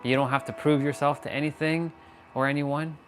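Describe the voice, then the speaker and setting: A man's voice: fairly high pitch, fairly even intonation, normal speed, soft background music. A man hosting a casual motivational livestream, rambling and playing with words while talking to his chat. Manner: rambling, playful wordplay, talks to chat. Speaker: livestream host. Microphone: phone or laptop for live stream.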